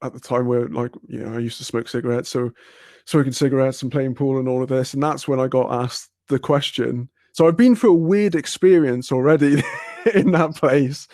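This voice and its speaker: A man's voice: mid-range voice, moderate pace, darkish tone, no echo. A man telling a long casual story on a podcast, rambling, swearing and laughing often. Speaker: podcast host.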